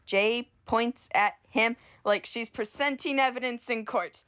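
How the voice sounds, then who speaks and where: Unhurried woman reading her story aloud. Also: fairly high pitch, fairly bright tone, clean tone. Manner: casual, unhurried, self-amused. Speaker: amateur storyteller.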